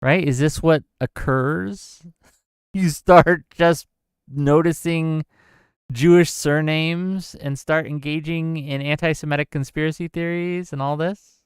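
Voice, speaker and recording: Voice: mid-range voice, steady tone, slow pace, smooth, dry recording, studio quality. A live-stream show host giving incredulous, exasperated commentary, laughing in disbelief and reading out viewer chat. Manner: exasperated, many filler "okay?" tags.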